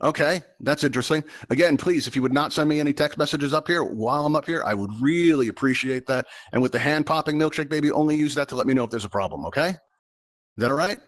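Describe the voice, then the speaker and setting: A man's voice: fairly high pitch, quick pace. A man hosting a live virtual game show, talking straight to his audience in a chatty, rambling showman manner.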